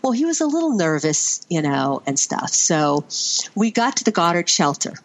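A woman's voice: on the low side, sing-song, moderate pace. Rambling middle-aged woman telling stories. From Vermont, USA. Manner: rambling, fond, many fillers and restarts. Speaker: podcast guest. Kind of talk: conversational storytelling.

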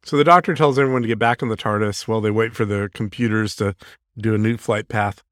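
A man's voice: lowish voice, steady tone, fast, a bit bright, dry recording. Laughing man retelling a show, dry sound. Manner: laughs often while retelling scenes. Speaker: podcast co-host. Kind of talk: casual chat recapping an episode.

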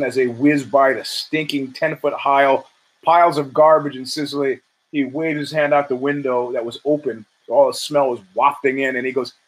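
A man's voice: mid-range voice, rough recording. A man hosting his own show, telling a rambling, profane story with stammered restarts and acted-out dialogue. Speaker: podcast host. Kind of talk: casual storytelling monologue.

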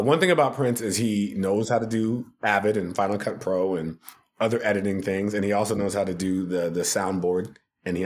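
A man, a television producer and podcast guest, telling stories in a casual, animated way and laughing often. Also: lowish voice. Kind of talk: casual storytelling.

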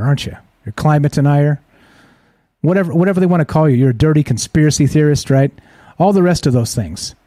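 A man's voice: fairly high pitch, mellow, no room sound. Skeptical man hosting a dry, close talk show. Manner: skeptical, rhetorical, keeps asking the audience "right?". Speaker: host. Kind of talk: live-streamed talk show monologue.

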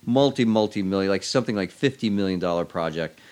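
A man with a fairly low voice, chatting as a guest in an interview. He tells his story in a loose, rambling way with a wry edge. He often stops and restarts his sentences. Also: animated, quick pace, a little mellow. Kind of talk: casual storytelling chat.

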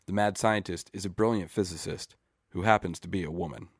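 A man reading a short story aloud in a measured, deadpan way. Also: low-pitched, no echo, studio quality. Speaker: story reader.

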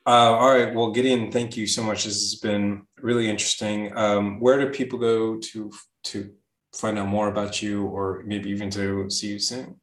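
A man's voice: lowish voice, flat delivery, moderate pace. A man hosting an interview, asking questions in a hesitant, filler-heavy way. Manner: hesitant, many fillers and restarts. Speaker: interview host. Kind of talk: casual interview conversation. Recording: echoey room.

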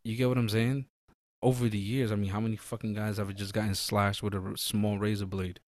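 Male co-host, lowish pitch, dry close sound, animated and profane, acts out scenes. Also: fairly quick, no room sound. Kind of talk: casual podcast chat.

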